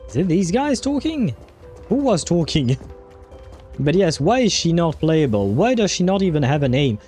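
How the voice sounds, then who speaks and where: A man hosting a livestream, casually commenting on a game as he plays, chatty and quick to laugh, with occasional swearing. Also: a little high, very animated, darkish tone, soft background music. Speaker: livestream host playing a game.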